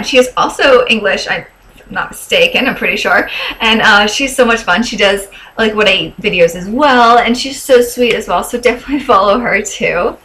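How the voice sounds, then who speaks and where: A woman's voice: mid-range voice, fairly bright tone, rough recording. A young woman vlogger in casual chat, gushing and chatty, with fillers and little laughs.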